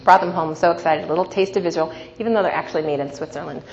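A woman teaching a class as a coach, telling lively stories and often checking in with "right?". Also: low-pitched, rapid-fire. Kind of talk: storytelling lecture to an audience. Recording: dull recording in a reverberant hall, faint noise.

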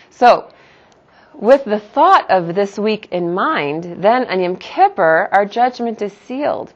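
A woman religious teacher giving a spoken lesson in an animated, emphatic way, asking her listeners rhetorical questions. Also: mid-range voice, creaky, dull audio.

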